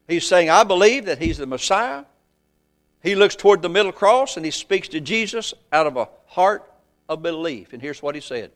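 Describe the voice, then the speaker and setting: A man preaching a sermon, reading scripture aloud, rising loud and slow for emphasis, then falling very low and soft. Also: lively intonation. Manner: reads scripture in old-fashioned phrasing.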